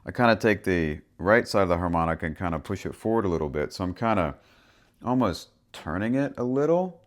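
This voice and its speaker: A man's voice: low-pitched, fairly quick. A man teaching a harmonica lesson, talking through the rhythm and sounding out syllables as he explains. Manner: relaxed, thinking aloud, speaks rhythm syllables and soft whispers. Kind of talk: instructional explanation with vocal rhythm demonstrations.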